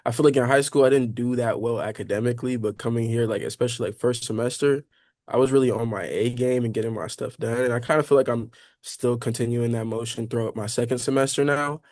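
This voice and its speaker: A young man college student from San Diego speaks as a radio guest. He talks quickly in an upbeat way, and his voice sounds dry and close. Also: medium pitch, fairly even intonation, a little mellow, no echo. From San Diego, California. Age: young adult. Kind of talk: casual interview answers.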